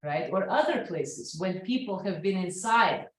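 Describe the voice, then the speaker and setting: A woman from the former Soviet Union, speaking with a Russian accent, gives an earnest public talk at an event, peppering it with "you know." Her voice is fairly low, animated, and measured in pace. The room is very echoey.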